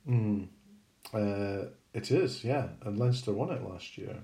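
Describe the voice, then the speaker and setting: A man's voice: on the low side, slow, gravelly, dark tone. A middle-aged man co-hosting a podcast, chatting casually and rambling with many hesitations. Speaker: podcast co-host. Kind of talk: casual chat.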